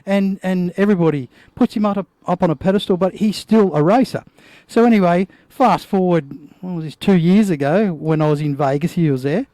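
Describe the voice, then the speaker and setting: A man's voice: sits high, a little fast, few pauses, warm tone, no room sound. A middle-aged man with an Australian accent telling stories in a casual podcast chat. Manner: storytelling, acts out quoted voices. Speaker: podcast host.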